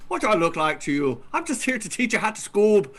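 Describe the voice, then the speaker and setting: Guy doing improv, high bright voice, bounces all over, goofy and playful. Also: fairly quick. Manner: playful, animated, drifts into accents. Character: male scuba instructor at a fish and flower shop. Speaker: improv performer and host. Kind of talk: improv comedy scene and game intro.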